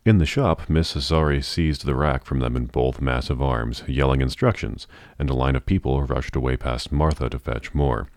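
Man reading a novel aloud, really deep voice, dead dry sound. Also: fairly even intonation, normal speed, a little mellow, dry recording. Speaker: narrator. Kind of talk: audiobook narration.

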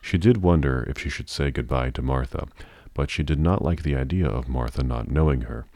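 Very deep-voiced male narrator. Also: a little fast, warm tone, no echo. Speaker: audiobook narrator. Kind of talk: scripted narration of a novel.

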